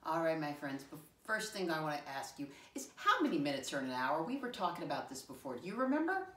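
A woman with a rather low voice talks young children through a lesson, warm in her encouragement, slowing down to spell words out letter by letter. She sounds set back from the mic, and her voice rings around an echoey room. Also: lively intonation, far from the mic. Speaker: teacher.

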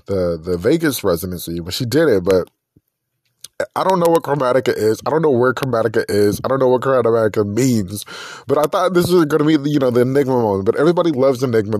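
A man hosting a casual solo podcast, gushing with excitement and swearing freely. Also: mid-range voice, dry recording. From not from Texas. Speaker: podcast host.

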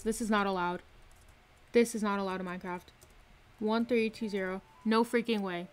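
A woman streaming a game live from her room, excitedly commenting and repeating herself with hyped exclamations. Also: mid-range voice, normal speed, pauses often. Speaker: gaming streamer.

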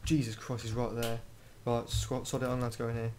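A man's voice: medium pitch, flat delivery, fast, a little mellow, slight background noise. A man doing gameplay commentary, jumpy and exclaiming, muttering mild swears. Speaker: gamer.

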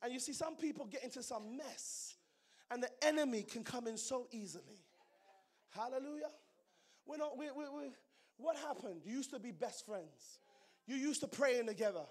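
Preacher, male, very high-pitched, fiery call-and-response sermon delivery. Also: expressive, moderate pace, darkish tone, husky.

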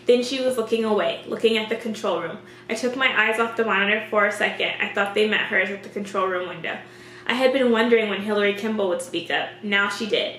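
Bright-voiced woman reading a novel aloud. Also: mid-range voice, fast talker. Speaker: reader. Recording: echoey room with faint hum.

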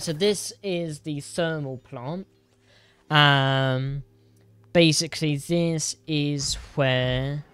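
A young man talks slowly over his gameplay, breaking into frightened exclamations and cries. His voice sits a little high. Faint game noise hums behind him. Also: a bit bright. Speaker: gaming YouTuber. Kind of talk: game commentary.

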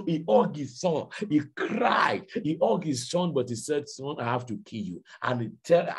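A man preaching a sermon, telling a story dramatically and swinging from hushed to shouting. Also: mid-range voice. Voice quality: very husky. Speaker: pastor.

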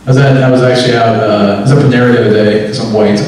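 Wry thirty-year-old stand-up in echoey club. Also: male voice, medium pitch, racing, slight background noise. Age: 30s. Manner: wry, animated, jumps into character voices. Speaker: stand-up comedian and host. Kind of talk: stand-up comedy set. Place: live comedy club. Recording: echoey live club from far off.

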